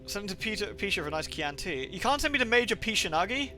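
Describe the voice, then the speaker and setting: A man streams a game and chats in a jokey, rambling way, toying with slang. His voice is high and bright, and his pitch swings widely. Game music plays faintly behind him. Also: big pitch swings, fast talker. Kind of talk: casual live-stream commentary.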